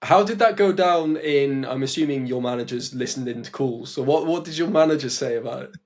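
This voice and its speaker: Male podcast host, mid-pitched, conversational, prompts and recaps. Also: a little fast, a little mellow. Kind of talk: interview questions.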